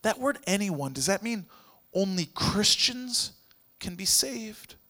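A man who is a missionary pastor, telling a story as a sermon and swinging between loud preaching and hushed near-whispers. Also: sits high, lively intonation, takes it slowly.

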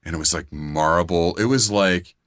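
A middle-aged man co-hosting a podcast, telling crude stories in casual chat, often trailing into low mutters. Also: normal speed, a bit bright, no room sound, studio quality. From grew up outside California. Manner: profane storyteller, drops to low mutters. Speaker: podcast co-host.

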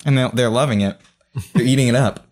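A young man runs a tabletop fantasy game as its narrator, describing each scene loosely. He rambles and restarts his sentences, and he often sounds amused. His voice sits at an ordinary middle pitch. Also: a little fast, a little mellow. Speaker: game master.

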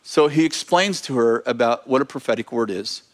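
Animated storytelling preacher, man. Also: medium pitch, moderate pace. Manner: animated, self-correcting anecdote telling. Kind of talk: storytelling sermon.

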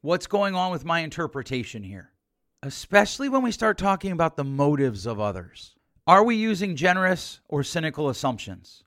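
A man's voice: fairly high pitch, very animated, moderate pace, fairly bright tone. A man, a therapist, talking through a podcast monologue with emphasis and repeated points.

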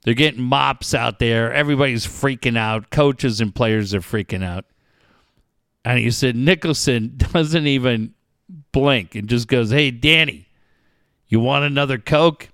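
A man's voice: mid-range voice, measured pace, clear, resonant tone, no room sound, clean studio sound. A man hosting a casual chat, telling stories with lots of swearing. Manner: profane, animated storyteller.

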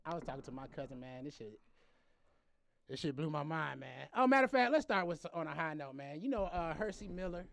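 A man co-hosting a podcast, talking loudly in casual, teasing banter and laughing often. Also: fairly high pitch, sing-song, fairly quick, gravelly, dry recording. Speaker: podcast co-host.

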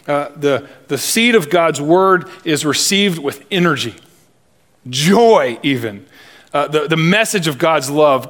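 A man preaching a sermon with a slightly high voice. He speaks deliberately and with emphasis, and he slips in humorous asides. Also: animated, a bit bright. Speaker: pastor.

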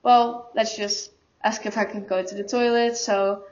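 A young woman from the Netherlands with a Dutch accent, haltingly telling a personal story as a podcast guest. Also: medium pitch, little pitch movement, a little mellow. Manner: halting, searching for words. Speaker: student guest. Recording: dull lo-fi recording.

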